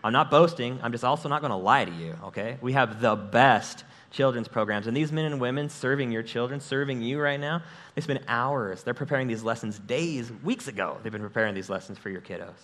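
A man of middle pitch preaching to his church, energetic and conversational. He jokes with the congregation and thanks his volunteers as he moves through the sermon. His voice comes through a stage microphone in a church sanctuary. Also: brisk. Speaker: pastor.

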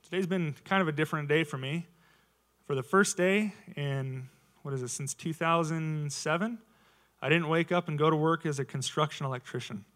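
A man's voice: fairly high pitch, normal speed, fairly bright tone. A man in his thirties giving a casual, conversational sermon to his church, full of rhetorical questions. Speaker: lay preacher.

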